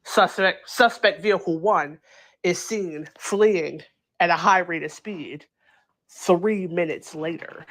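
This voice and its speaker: A woman hosting a casual true crime chat, talking it through in an animated, incredulous way and acting out quotes, with plenty of filler words. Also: on the low side, takes it slowly. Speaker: true crime channel host. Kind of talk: casual commentary.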